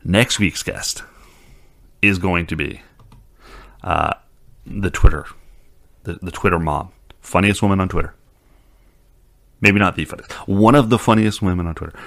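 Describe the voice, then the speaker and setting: A man's voice: low-pitched, unhurried, pauses often, fairly bright tone. A man hosting a podcast, chatting in a rambling, easygoing way with casual swearing. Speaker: podcast host. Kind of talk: casual podcast chat and outro. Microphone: studio mic with headphones.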